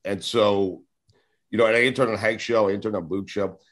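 A man's voice: fairly low pitch, steady tone, fairly quick. A man in his forties from New York, a sports radio host telling long rambling stories in a casual interview, swearing now and then. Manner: rambling, acts out old conversations, swears casually.

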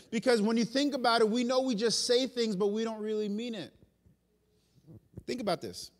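In a church sanctuary with a big-room sound, a male pastor with a high-sitting voice preaches a passionate sermon. He moves between loud, urgent peaks and quiet, intimate asides, voicing prayers and God's answers in the first person.

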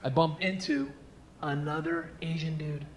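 A man performing a stand-up comedy routine on stage, telling stories loudly and with lots of energy. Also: a little high, measured pace. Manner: loud, animated storytelling. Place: comedy stage before a live audience. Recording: live stand-up with loud crowd noise.

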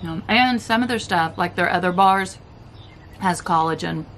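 Chatty southern woman vlogger, lowish voice, laid-back snack review, a little hiss behind. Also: moderate pace, a bit bright. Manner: chatty, laid-back, talks while chewing. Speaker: keto vlogger. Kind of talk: casual chat, food review.

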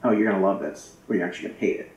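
A man's voice: deep voice, very fast, a little mellow, lo-fi sound. A man delivering an emphatic, argumentative campaign address to voters, repeating key phrases for effect. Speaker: political campaigner. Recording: roomy echo.

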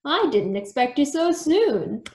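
A woman voicing a jolly old male professor rodent who exclaims loudly, recorded in a roomy space. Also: sits high, sing-song, unhurried, pitched above the performer's own voice. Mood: jovial. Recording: roomy echo.

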